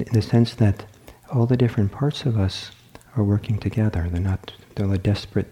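Speaking low and mellow, a male meditation instructor offers a dharma talk. The tone stays warm and natural as he reflects gently, halting and restarting lines while feeling out each idea.

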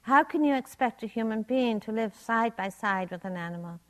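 A woman's voice: on the high side, lively intonation, moderate pace, a bit bright. A woman voicing a desperate poor man who pleads and laments as she tells a folk tale in a talk. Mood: pleading.

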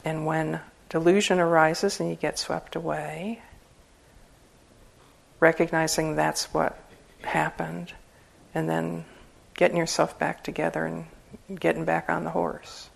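A woman with a low, gravelly voice gives a relaxed talk on meditation practice. She speaks as a Buddhist teacher, chatty and joking, and laughs often as she explains. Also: takes it slowly, low-quality recording. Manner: conversational and humorous, laughing often. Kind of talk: informal dharma talk.

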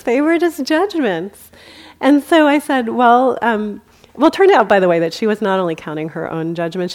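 A woman giving a dharma talk as a meditation teacher, speaking gently with light humor and frequent laughter. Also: lowish voice. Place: meditation center.

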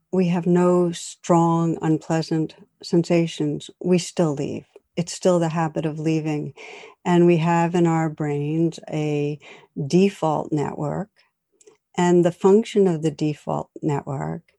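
A woman giving a dharma talk as a meditation teacher, gentle and conversational with light humor. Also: lowish voice, no room sound, clean studio sound.

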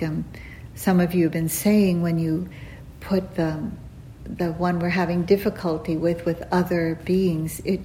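A woman meditation teacher giving a dharma talk in a gentle, unhurried way, with pauses and fillers and soft laughs at her own stories. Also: fairly low pitch, slight background noise, rough recording. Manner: laughs softly while telling stories. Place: retreat center hall.

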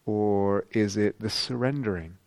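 A man's voice: lowish voice, measured pace, a little mellow, dry recording. A middle-aged man giving a dharma talk as a meditation teacher, reflective and searching, with frequent ums and rhetorical questions.

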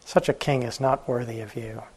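A man voicing a gentle, devoted young elephant keeper who speaks softly and earnestly, with a husky voice. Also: mid-range voice, steady tone, normal speed, natural voice. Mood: tender. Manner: soft, tender and earnest.

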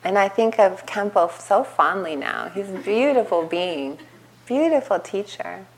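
Woman teacher, dharma talk, animated storyteller, acts out voices, laughs a lot, faint room noise. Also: medium pitch, unhurried, poor audio. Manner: animated storytelling, acting out quotes, laughing often. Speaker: meditation teacher. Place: retreat center meditation hall.

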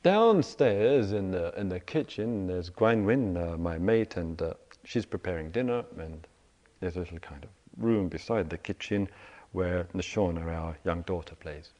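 A middle-aged man giving a meditation talk, telling everyday stories with lively, acted-out quotes. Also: deep voice, a little slow, lo-fi sound. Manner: animated storytelling, acts out quoted voices. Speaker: meditation teacher. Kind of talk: dharma talk to retreat audience. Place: retreat center meditation hall. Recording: reverberant hall recording.

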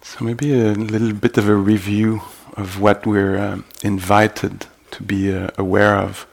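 A man giving a meditation dharma talk at a retreat, halting and full of gentle fillers. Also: on the low side, flat delivery, vocal fry. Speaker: meditation teacher.

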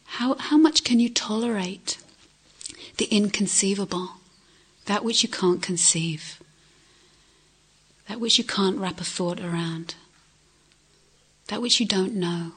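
A woman giving a reflective dharma talk as a meditation teacher, asking questions and often dropping to soft near-whispers. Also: medium pitch, slow pace, pauses often, husky. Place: retreat centre hall.

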